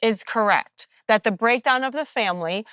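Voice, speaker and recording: A woman hosting a podcast interview, talking in an earnest, measured, opinionated way. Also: on the high side, a bit bright, dry recording, studio quality. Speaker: podcast host. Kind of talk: interview conversation.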